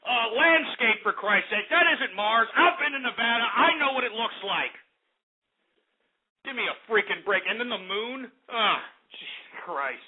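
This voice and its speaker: A high-voiced man rants and curses as a call-in radio host, heckling callers without pause. His voice comes through tinny and phone-like, as if squeezed down to a telephone band. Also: animated. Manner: angry, profane, heckles callers. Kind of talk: ranting call-in radio talk.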